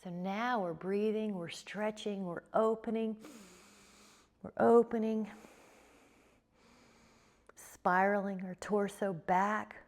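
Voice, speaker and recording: A woman teaching a yoga class, giving calm, encouraging cues with repeated prompts to breathe. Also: mid-range voice, takes it slowly, long pauses. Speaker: yoga instructor. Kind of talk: guided yoga class instruction.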